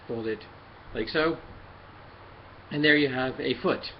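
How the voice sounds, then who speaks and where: A man's voice: medium pitch, muffled recording, a little hiss or hum. A man casually reviewing and demonstrating a toy, walking through each step with lots of ums and uhs as he handles it. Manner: halting, many fillers, talks while handling the toy.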